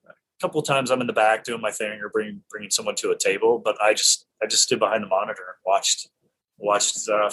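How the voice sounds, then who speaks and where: A middle-aged man from Idaho, an actor telling stories in an interview, enthusiastic and animated with frequent restarts. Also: fairly low pitch, slightly rough, low-quality recording. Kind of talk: casual storytelling in an interview.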